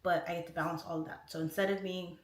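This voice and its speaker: A woman's voice: lowish voice, little pitch movement, quick pace. A woman hosting a casual livestream, rambling and chatty as she reads out viewer comments. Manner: chatty and rambling, heavy use of "like". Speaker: livestream host. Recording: roomy echo, distant mic.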